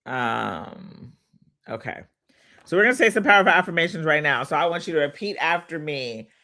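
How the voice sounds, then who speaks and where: A woman's voice: sits low, expressive, moderate pace, sharp tone. A woman hosting a motivational livestream, leading call-and-response affirmations and drawing out each repeated line.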